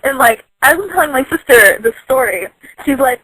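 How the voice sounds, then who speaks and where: A woman's voice: high-pitched, lively intonation, moderate pace, pushed and bright, breathy edge, no echo, rough recording. A woman telling a casual story from work, chatty and giggly, full of likes and ums. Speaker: storyteller in a voice post.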